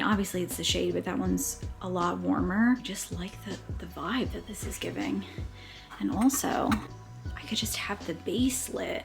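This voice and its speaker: A woman's voice: fairly low pitch, creaky. A young woman vlogging casually at home, gushing and a little dramatic as she talks to the camera. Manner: gushing, self-aware dramatic. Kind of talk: casual vlog talk to camera. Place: home bedroom, indoors.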